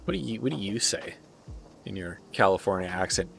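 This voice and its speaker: A man with a Canadian accent giving casual, rambling live commentary as he plays a strategy game, often pausing on filler words. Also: sits low, expressive, vocal fry, soft background music. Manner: rambling, thinking aloud with frequent filler pauses. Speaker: streamer.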